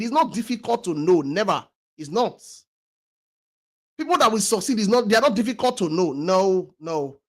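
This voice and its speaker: A man hosting a talk show, giving an emphatic motivational talk that repeats its key phrases and restarts often. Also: high-pitched. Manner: swings between loud stresses and quiet trailing words.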